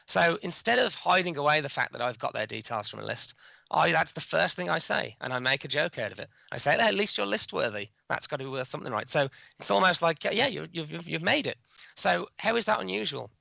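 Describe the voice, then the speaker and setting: A man being interviewed as a guest on a podcast, explaining his work in a quick, chatty way with many restarts. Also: a little high, vocal fry, sharp tone, no echo, low-quality recording. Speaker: guest, cold outreach expert.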